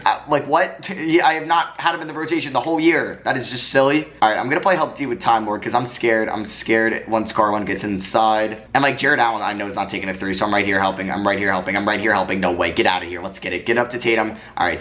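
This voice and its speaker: A young man giving live commentary while playing a basketball video game, swinging from muttering to excited yelling. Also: lowish voice. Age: young adult. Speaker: gaming commentator.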